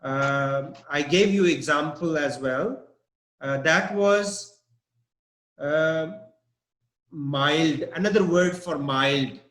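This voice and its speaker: Slow, patient man teaching vocabulary. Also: on the high side, a bit bright, roomy sound. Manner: slow, patient, spells words out letter by letter. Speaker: English teacher. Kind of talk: online vocabulary lesson.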